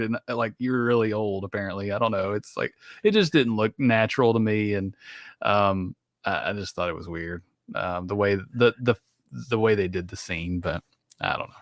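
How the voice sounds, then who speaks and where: A man's voice: on the low side, fairly bright tone, no room sound, clean studio sound. A man co-hosting a podcast in casual chat, laughing often and talking with hesitant restarts. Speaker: podcast co-host.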